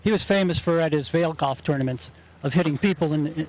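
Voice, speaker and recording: Male guest, New Jersey accent, slightly high, relaxed explainer at a golf event. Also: quick pace. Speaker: guest, golf tournament organizer. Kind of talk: casual interview chat.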